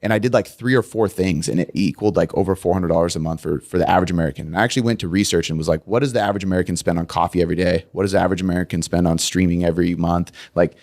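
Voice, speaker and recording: Deep-voiced blunt podcast guest. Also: male voice, steady tone, rapid-fire, few pauses, a little mellow. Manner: blunt, profane storytelling. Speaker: guest, coach. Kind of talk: casual podcast chat.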